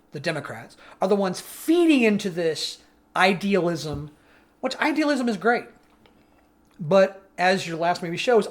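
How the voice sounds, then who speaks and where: A man co-hosting a podcast, ranting bluntly and profanely in casual opinion chat. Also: sits high. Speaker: podcast co-host.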